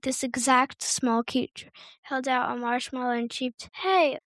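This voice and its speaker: A woman narrating a children's storybook in a steady, unhurried reading voice with small stumbles. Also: fairly high pitch, dry recording.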